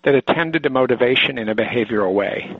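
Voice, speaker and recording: A man with a gravelly, husky voice lectures a group of clinicians in a thoughtful, explanatory way, often breaking off and restarting his sentences. The recording is dry and dull, with a lo-fi sound. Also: medium pitch, quick pace, dry recording. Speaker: therapy trainer lecturing clinicians.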